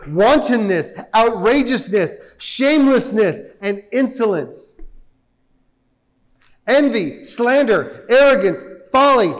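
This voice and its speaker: Brief: male preacher, high voice, emphatic, asks rhetorical questions, church sanctuary. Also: big-room sound, rough recording. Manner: emphatic, rhetorical questions, reads scripture aloud. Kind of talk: sermon.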